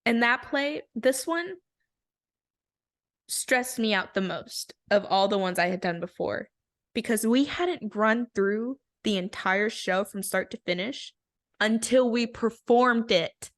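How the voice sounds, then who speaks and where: A young woman co-hosting a podcast, chatting casually and telling animated stories with frequent giggles. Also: fairly high pitch, takes it slowly. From rural area. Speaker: podcast co-host. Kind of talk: casual chat.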